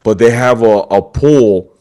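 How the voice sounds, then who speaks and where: A man's voice: mid-range voice, a little slow, mellow. A young man hosting a podcast, telling a story casually, acting out quotes and often laughing. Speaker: podcast host.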